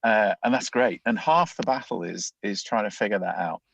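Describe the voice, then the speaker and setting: A man's voice: lowish voice, moderate pace, creaky, a bit bright, dull audio, slight background noise. A man, a leadership coach, explaining ideas in a conversational interview, often acting out inner thoughts as quoted voices.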